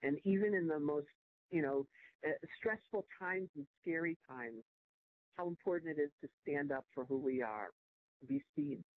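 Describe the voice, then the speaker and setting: A woman guest on a podcast interview, telling a personal story in an animated way with many fillers and restarts. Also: low voice, normal speed. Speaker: podcast guest, nonprofit president. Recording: dry, phone-like call audio.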